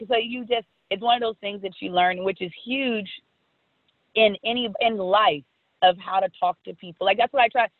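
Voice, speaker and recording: Brief: thirties woman from California, lively storyteller, sound like a thin phone call, close and dry. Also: medium pitch, dry recording. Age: 30s. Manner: animated, acts out past conversations. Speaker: guest, former softball player. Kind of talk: storytelling interview.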